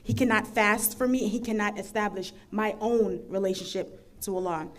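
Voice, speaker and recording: A woman's voice: medium pitch, moderate pace. A woman in her thirties from the United States giving an earnest, emphatic personal testimony as a panel speaker. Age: 30s. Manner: earnest, emphatic, building to passionate intensity.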